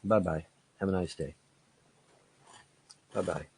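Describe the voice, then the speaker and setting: A man's voice: sits low, slow, vocal fry, a little mellow, husky. A man brushing off critics in a mocking, profane way.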